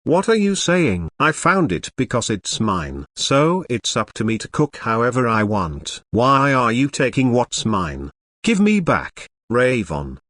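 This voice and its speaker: A man's voice: mid-range voice, very animated, measured pace, fairly bright tone, no room sound, clean studio sound. A man voicing an arrogant, mocking young magician in a recap reading. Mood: haughty. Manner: haughty, scornful.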